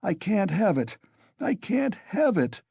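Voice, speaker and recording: A man voicing a feverish, irritable young male student who snaps out his words, pitched above his own voice. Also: very animated, unhurried, a little mellow, no echo, clean studio sound, full character voice. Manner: agitated, snapping.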